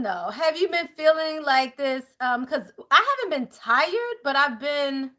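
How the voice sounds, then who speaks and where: A woman's voice: sits high, animated, unhurried, sharp tone. A woman doing a live tarot reading, chatting casually and talking to her viewers as y'all. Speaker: tarot reader.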